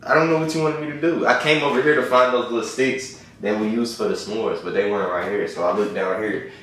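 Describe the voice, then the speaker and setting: A man's voice: quick pace, a bit bright. A young man in a casual home prank vlog, pleading and teasing, recorded at home. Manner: pleading, teasing, big pitch swings. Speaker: vlogger. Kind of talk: casual prank video chat. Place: indoors at home. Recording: echoey room, distant mic, background noise.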